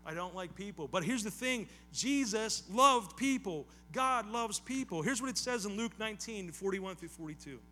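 Bright-voiced, high-pitched man preaching a sermon. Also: lively intonation, moderate pace, hardly any pauses, soft background music. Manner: conversational preaching with asides and repeated phrases, rising to emphatic calls. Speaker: pastor.

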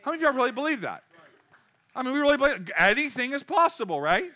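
A man's voice: extremely high pitch, big pitch swings, quick pace, bright, forceful tone. A man preaching a sermon to a congregation in a church, talking conversationally, asking the room questions and rising to impassioned cries. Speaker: pastor.

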